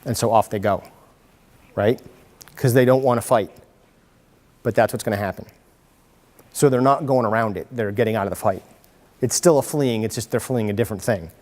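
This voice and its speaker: A man giving a lively workshop talk to parents, acting out kids and parents in quick voices. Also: on the low side. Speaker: workshop presenter. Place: meeting room. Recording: hall reverb from a community-TV taped talk.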